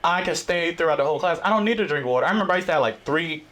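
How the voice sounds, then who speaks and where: A male podcast guest in casual chat, telling animated stories and acting out what people said. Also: on the high side, racing. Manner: animated storyteller, acts out quotes.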